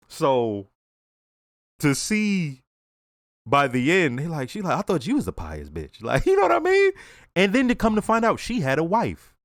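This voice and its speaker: A young man hosting his own reaction channel, casually reviewing a TV episode in blunt, profane talk and acting out the characters in quick asides. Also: on the high side, fairly bright tone, no echo, clean studio sound.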